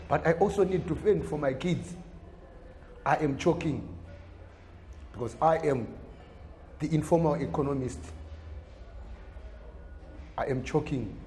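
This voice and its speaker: A man's voice: a little high, darkish tone, a little hiss or hum. A man with a Zimbabwean accent performing a rhythmic, repetitive spoken-word poem on a debate panel. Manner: rhythmic, repetitive, declamatory rhyming delivery.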